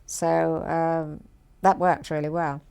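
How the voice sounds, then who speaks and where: Woman, producer, low pitch, gravelly texture, hesitant and reflective. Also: level tone, takes it slowly, darkish tone. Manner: thoughtful, hesitant, with fillers and restarts. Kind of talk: reflective interview.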